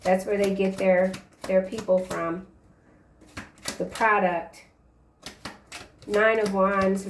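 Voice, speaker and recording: A woman reads tarot in an unhurried, meandering way, trailing off and restarting as she interprets each card. Her voice sits at an ordinary middle pitch. It sounds roomy and echoey, a little away from the microphone. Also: far from the mic, a little hiss or hum. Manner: rambling, halting stream of card interpretations. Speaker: tarot reader. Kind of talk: casual tarot reading to camera.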